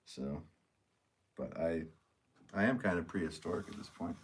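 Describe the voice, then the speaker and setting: A man's voice: deep voice, lively intonation, moderate pace, a little hiss or hum. A man, a potter, chatting casually and playfully with his livestream chat while he works. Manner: playful, joking, answers chat. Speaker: potter streaming live.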